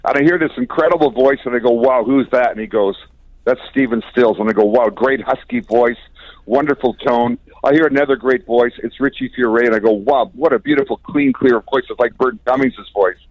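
An older Canadian man, appearing as a guest musician, tells chatty stories in a casual interview and chuckles often. His voice is medium in pitch and fairly quick. The recording is dry, with a dull lo-fi quality.

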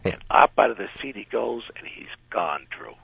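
A man telling an anecdote as a radio interview guest, animated and acting out the people in his story. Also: fairly low pitch, moderate pace, gravelly, husky, no echo. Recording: dull lo-fi radio recording.

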